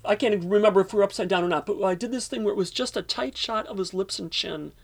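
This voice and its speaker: A man's voice: high voice, fast talker, creaky. A man interviewee telling a long story in casual talk, rambling with many fillers and restarts.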